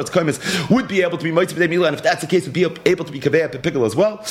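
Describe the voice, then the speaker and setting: A man teaching a Gemara lesson, explaining the argument animatedly in English mixed with Hebrew and Aramaic terms. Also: fairly high pitch. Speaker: Talmud teacher.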